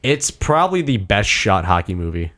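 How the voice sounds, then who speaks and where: Excitable man swearing in casual chat. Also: fairly low pitch, moderate pace. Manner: excited, swearing, acts out movie quotes.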